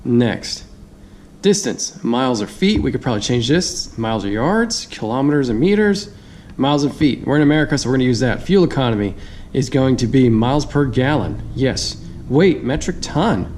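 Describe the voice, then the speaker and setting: A man's voice: mid-range voice, expressive, moderate pace, a little mellow, slight background noise. A man giving a casual hands-on product review, chatty, thinking aloud and laughing easily.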